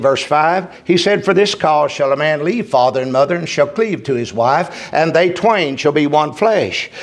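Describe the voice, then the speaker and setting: A man preaching a sermon, swinging from emphatic raised points to soft, quiet storytelling. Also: a little high, creaky.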